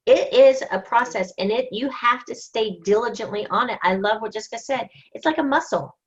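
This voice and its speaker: A woman leading a group coaching session, talking in an emphatic, energetic, motivational way. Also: a little high, brisk, muffled recording. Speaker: book study group leader.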